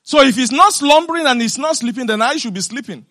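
A woman preacher delivering an emphatic sermon, asking the congregation question after question and breaking into shouts and laughter. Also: high voice, expressive. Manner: asks the congregation rapid rhetorical questions.

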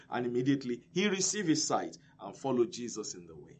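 A male preacher delivering a sermon, emphatic and repetitive, swinging between loud and soft. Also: medium pitch, very animated, a little fast, few pauses, slightly rough.

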